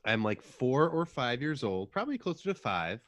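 A man's voice: sing-song, normal speed, no room sound. A man in his thirties co-hosting a podcast, telling stories in casual chat and putting on voices for quotes. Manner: chatty storyteller, acts out quotes in high voices. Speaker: podcast co-host.

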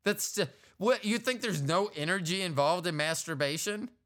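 Podcast host, man, fifties. Jokey and animated, slightly higher voice. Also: normal speed. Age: 50s. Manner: joking, animated, puts on silly voices. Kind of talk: casual comedic chat.

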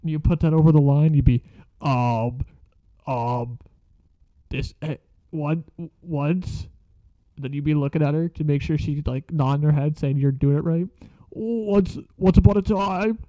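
A man's voice: a little high, fairly even intonation, unhurried, dark tone, no echo. A young man casually telling a story from school, slangy and profane, laughing as he goes. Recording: dull lo-fi sound.

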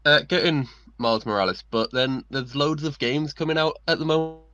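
A young man co-hosting a podcast, chatting casually and steering the talk with deadpan remarks. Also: on the high side, brisk, muffled recording. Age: young adult. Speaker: podcast co-host. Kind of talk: casual chat.

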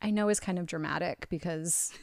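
A young woman from Ohio, a therapist co-hosting a podcast, chatting in an animated, self-mocking way and laughing a lot. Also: lowish voice, a little fast, gravelly, dry recording, studio quality. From small town near Cincinnati, Ohio. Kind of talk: casual chat.

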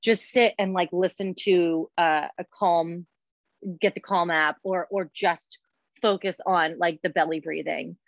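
Low-voiced woman, dry dull recording. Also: a little slow, vocal fry, dry recording. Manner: animated, laughing, lots of fillers. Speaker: podcast co-host. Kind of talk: casual chat.

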